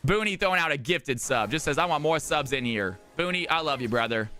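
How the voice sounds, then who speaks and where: A man with a high, very bright, cutting voice calls an esports match play by play on a live stream. He gets hyped and shouts over the big plays. Faint music runs underneath his desk-mic audio. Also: lively intonation, a little fast. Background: faint background music.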